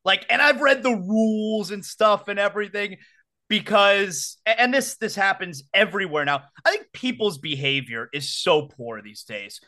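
A man's voice: sits high, lively intonation, normal speed, pushed and bright. A man hosting a casual talk show, reacting emphatically to his guest. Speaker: podcast host. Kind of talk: casual chat.

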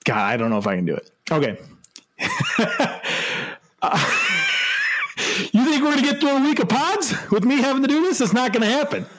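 A man's voice: extremely high pitch, huge pitch swings, moderate pace, pauses often, a bit bright. A man co-hosting a casual sports podcast, laughing often and restarting his sentences. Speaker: podcast co-host.

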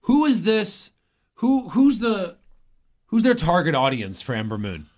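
A man's voice: high-pitched, wildly swooping pitch, measured pace, a little mellow. A man co-hosting a wrestling podcast in casual chat, blunt and wisecracking. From New York. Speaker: podcast co-host.

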